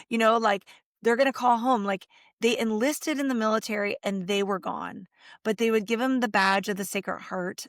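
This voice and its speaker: A middle-aged woman speaks as an interview guest, telling animated stories and acting out what people said. Her voice sits at a middle pitch, and the recording is close and dry with no room sound. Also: no room sound. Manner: animated storytelling, acts out quotes. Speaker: guest, Catholic speaker and author. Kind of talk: conversational interview.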